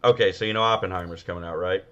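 Low-voiced man in crude podcast banter. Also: fairly even intonation, rapid-fire, bright, forceful tone. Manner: mumbly, trailing off, bursts into high mocking voices. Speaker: podcast co-host. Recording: dull lo-fi sound.

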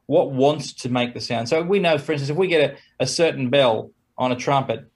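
A man in mid pitch talks casually as an interview guest. He is animated, with a ready chuckle, and his voice jumps higher whenever he acts out what other people say. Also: fairly quick, breathy edge. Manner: animated, acts out quoted exchanges in a raised voice; chuckles between points. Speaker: trumpet player guest.

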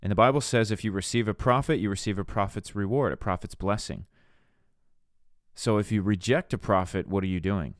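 In a lowish voice at a fairly quick pace, a man hosts a podcast of casual sermon-style teaching, earnest and conversational, reading scripture, talking it over, and at times voicing skeptics. The studio sound is clean, with no echo.

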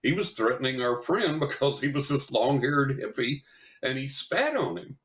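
An older man, a psychic medium guest, telling a story in casual chat, lively and chuckling as he acts out what people said. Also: mid-range voice, moderate pace. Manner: animated anecdotal storytelling, chuckles often, acts out quotes.

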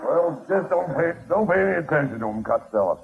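A man playing an exasperated straight man in a 1940s radio comedy, with a brisk, scolding delivery. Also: on the high side, lively intonation, creaky, heavy background noise. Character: exasperated male straight man, middle-aged. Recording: tinny old radio broadcast recording.

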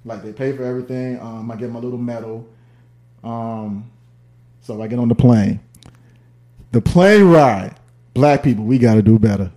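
Here the young percussionist with the Chicago accent chats casually as a podcast guest, telling stories, laughing a lot, and imitating voices. His warm, medium-pitched voice moves at normal speed, with frequent pauses.

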